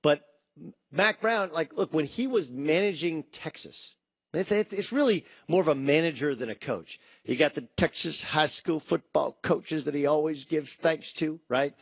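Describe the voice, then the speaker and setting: A man hosting a sports talk show, talking in a fairly high voice. He riffs with energy and slips into different voices when he quotes people. The sound is dry and close, with no room around it. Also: normal speed, no echo. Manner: animated, acts out quotes in shifting voices. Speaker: sports talk radio host.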